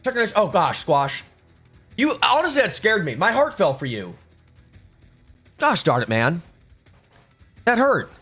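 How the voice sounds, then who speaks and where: A man's voice: high-pitched, wildly swooping pitch, unhurried, pauses often, fairly bright tone, slightly rough, faint music behind. A man chatting casually with his live stream chat, reading out and answering messages. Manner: chatty, reads chat aloud, upbeat. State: chewing food at times. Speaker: livestreamer.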